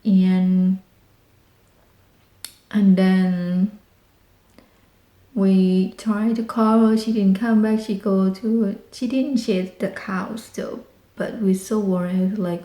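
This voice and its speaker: A woman with tells a family story as a vlog, excited and animated, piling on dramatic exclamations. Her voice sounds warm and mellow. It echoes in a roomy space. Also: medium pitch, slow pace, pauses often. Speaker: vlogger. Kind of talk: casual storytelling. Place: home in rural Texas.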